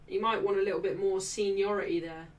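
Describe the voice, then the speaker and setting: A young woman hosting a live football watchalong, excitably reacting to play and reading out viewers' chat messages. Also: mid-range voice, quick pace, recorded from a distance.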